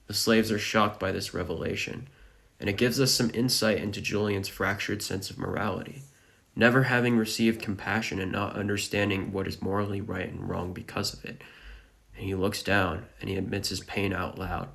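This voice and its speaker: A man's voice: lowish voice, steady tone, moderate pace, vocal fry, a bit bright. A man narrating a dramatic recap of a manga chapter.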